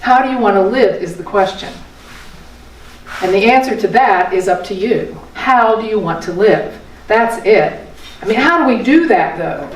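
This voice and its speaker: A woman's voice: medium pitch, animated, moderate pace, slight background noise. Older woman teaching in an echoey room. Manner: folksy, repeats phrases, asks rhetorical questions. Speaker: spiritual teacher. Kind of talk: conversational dharma talk. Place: meeting room of a spiritual center. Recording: echoey room, voice from a distant mic.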